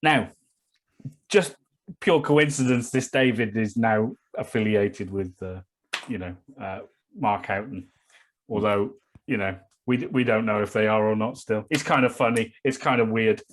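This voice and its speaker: A man co-hosting a casual podcast chat, animated and jokey as he reads out comments. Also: on the low side, measured pace, a little hiss or hum. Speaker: podcast co-host.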